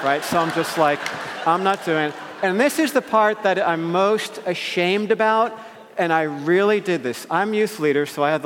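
Storytelling pastor in an echoing hall. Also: male voice, fairly high pitch, slight background noise. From New Jersey. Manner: animated, acts out quotes. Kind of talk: storytelling sermon. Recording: long hall reverb.

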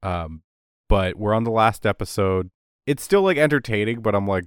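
A man with a sinus cold and a lowered voice, chatting casually and telling stories on a podcast. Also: normal speed, clear, resonant tone, no echo, studio quality. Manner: storytelling, animated. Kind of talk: casual chat.

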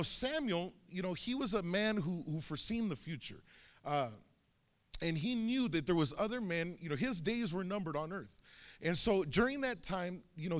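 A man's voice: high voice, fairly bright tone. A young man preaching a sermon, telling a personal story with many fillers and restarts. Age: young adult.

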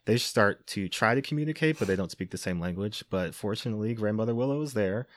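A low-voiced man recaps a film for a podcast, loose and wry, with frequent "um"s and quick laughs. The sound is dry and close, with hardly any room around him. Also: lively intonation, a bit bright, no echo. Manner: wry, laughing, filler-heavy. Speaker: podcast host. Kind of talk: casual movie recap.

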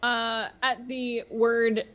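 A woman's voice: a little high, flat delivery, extremely slow, fairly bright tone. A woman playing a tabletop game, thinking aloud hesitantly as she decides her actions. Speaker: player. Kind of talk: casual tabletop game play.

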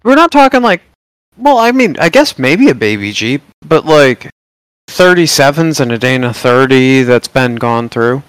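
A man's voice: medium pitch, big pitch swings, moderate pace, fairly bright tone, smooth, no room sound, low-quality recording. A man co-hosting a podcast, chatting casually in a laid-back way with some swearing. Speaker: podcast co-host. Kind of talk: casual chat.

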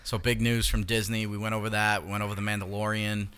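A man's voice: fairly low pitch, level tone, fast talker, a bit bright, clean tone. A man co-hosting a casual podcast, talking loosely and swearing often as he wraps up the episode. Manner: swearing, laughing, loose sign-off. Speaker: podcast co-host.

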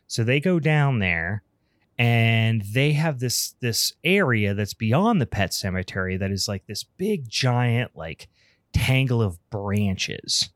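A man's voice: medium pitch, animated, takes it slowly, a bit bright, no room sound, studio quality. A man co-hosting a podcast, recapping a film in casual, rambling talk full of fillers and swearing. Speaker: podcast co-host.

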